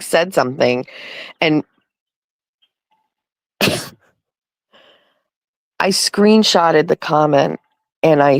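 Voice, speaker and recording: A woman's voice: rumbling low, vocal fry, no room sound, rough recording. A woman hosting a casual vlog from home, telling a story with plenty of swearing and laughter. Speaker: vlog host. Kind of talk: casual chatty monologue. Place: at home with her dogs.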